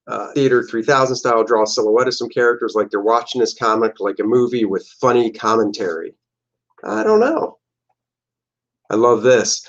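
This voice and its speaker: A man in a middle pitch talks casually through his old comic art on a livestream, joking and acting out his characters' lines in quick bits. The audio sounds a little dull and lo-fi. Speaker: comic book artist.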